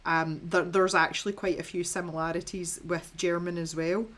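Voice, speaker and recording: A woman's voice: on the low side, flat delivery, moderate pace, fairly bright tone. A Scottish woman with a mild accent hosting an art livestream, chatting casually and reading out viewer comments, with lots of laughter and rambling restarts. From Scotland.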